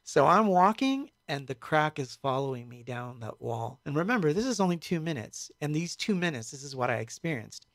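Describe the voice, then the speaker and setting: Guy rambling thru a story on his stream, kinda high voice, lots of ums, dry close mic. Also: very animated, a bit bright, dry recording. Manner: halting, reflective, many fillers. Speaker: musician recounting a tour.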